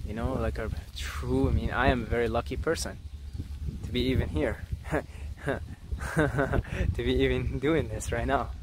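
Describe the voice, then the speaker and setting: A man musing aloud in an unscripted monologue, halting often with fillers and restarts, repeating phrases and at times dropping to soft near-whispers. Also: medium pitch, noisy background. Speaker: vlogger.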